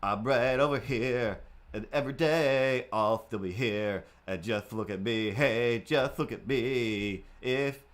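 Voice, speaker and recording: A man's voice: mid-range voice, slow, lightly acted. A man voicing a vain, attention-hungry house cat. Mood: smug.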